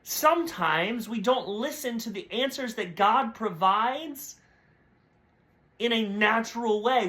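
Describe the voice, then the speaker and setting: In a brief devotional message, a preacher with a bright, high voice narrates a parable. He gives its characters voices for a moment, then spells out the lesson.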